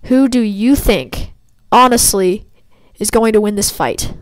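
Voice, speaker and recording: A woman's voice: medium pitch, unhurried, no echo, poor audio. A woman giving casual gaming commentary as she plays, trash-talking her opponents playfully. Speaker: gameplay commentator.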